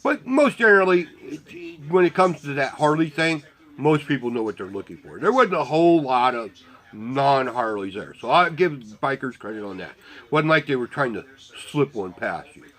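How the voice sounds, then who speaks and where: A man's voice: medium pitch, sing-song, moderate pace, fairly bright tone, poor audio. A man telling a story in a casual, rambling way, blunt and heavily profane. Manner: rambling with restarts. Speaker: volunteer motorcycle parade marshal.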